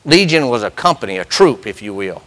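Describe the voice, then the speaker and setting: A man's voice: medium pitch, sing-song, fairly quick, fairly bright tone. A man preaching a sermon with passion, putting rhetorical questions to the congregation. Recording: long hall reverb.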